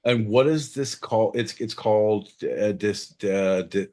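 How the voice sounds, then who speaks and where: A man co-hosting a podcast, joking loudly, interrupting and swearing, with sudden jumps in pitch. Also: a little slow. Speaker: podcast co-host. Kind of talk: rowdy comedic banter.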